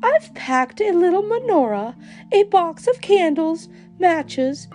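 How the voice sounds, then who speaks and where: A woman's voice: extremely high pitch, very animated, slow, soft background music, voice pushed up, full character voice. A woman voicing a loving mother who holds back tears as she sends her son off, in a storybook reading. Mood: tender. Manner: gentle, emotional pleading.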